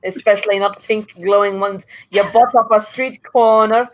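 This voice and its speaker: A woman's voice: medium pitch, steady tone, moderate pace, poor audio. A woman playing in a casual tabletop game, dropping dry, sarcastic asides. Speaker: player. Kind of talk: casual tabletop role-play.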